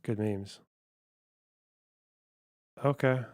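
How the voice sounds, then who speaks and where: A man's voice: on the low side, drawn-out words, darkish tone, dry recording, clean studio sound. A man hosting a live stream, chatting casually and muttering offhand remarks as he reacts to clips. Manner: offhand, chuckling, muttering to himself.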